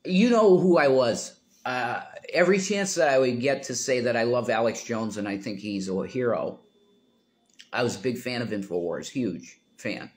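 A middle-aged man talking in a rambling, casual monologue, trailing into mumbles and then rising into loud exasperation. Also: mid-range voice, moderate pace. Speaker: political commentator.

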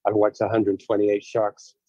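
A man on a panel giving a measured, detailed account of his time as a crew member. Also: lowish voice, completely flat delivery, mellow, no echo, highs cut off. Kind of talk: casual panel chat.

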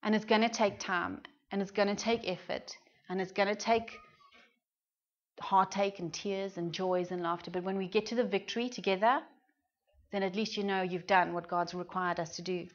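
A British woman delivers a sermon in a church, talking earnestly to her congregation and pausing to put questions to them. Her voice sits at a middle pitch, and the recording is dull and a little lo-fi. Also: fairly even intonation. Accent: British English. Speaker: preacher. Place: church hall.

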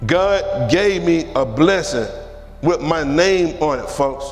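A man preaching a sermon and telling a personal testimony, animated and repeating his phrases for emphasis, with laughs. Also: a little high, slow pace, in a large hall, faint music behind.

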